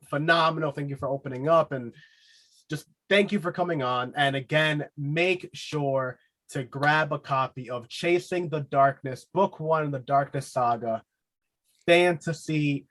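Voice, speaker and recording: A man hosting a casual podcast interview, enthusiastic and quick to laugh, often repeating himself. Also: fairly high pitch, fairly bright tone. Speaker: podcast host.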